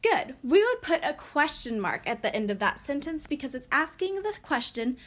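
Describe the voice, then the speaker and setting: A woman teaching a recorded lesson, speaking slowly and clearly for young children. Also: sits high, sing-song, fairly bright tone.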